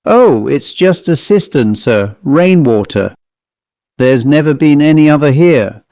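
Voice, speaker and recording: A man's voice: fairly high pitch, expressive, unhurried, darkish tone, no echo. A man reading an audiobook, voicing a nervous, fawning male manservant who talks in a raised, cracked voice with ungrammatical, deferential speech. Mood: anxious deferential. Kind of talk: audiobook character voice.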